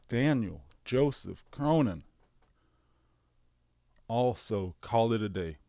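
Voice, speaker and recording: A man in his thirties with a Detroit-area accent rambles through a casual stream monologue, swearing freely and playing up mock grief with heavy sarcasm. His voice sits at a middling pitch. The sound is dry and close, with no room echo. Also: a little mellow. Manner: sarcastic, profane, mock-emotional. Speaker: streamer host.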